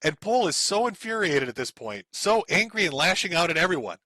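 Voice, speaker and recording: A man's voice: sits high, very animated, fairly quick, sharp tone, no echo, poor audio. A man streaming, giving sarcastic, profane commentary while reading out posts and chuckling often.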